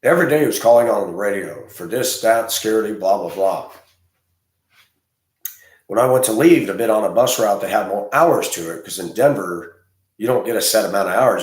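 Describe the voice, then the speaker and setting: A man who drives a school bus, talking in a blunt, rambling, opinionated monologue. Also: lowish voice. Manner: blunt, rambling, gets heated and loud. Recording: echoey room.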